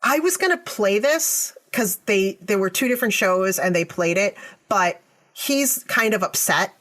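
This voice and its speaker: A woman's voice: medium pitch, animated, measured pace, a bit bright. A woman hosting a podcast, casually recounting a true-crime case to her co-host and often checking in with "right?". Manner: storytelling, reads quotes aloud, frequent "right?".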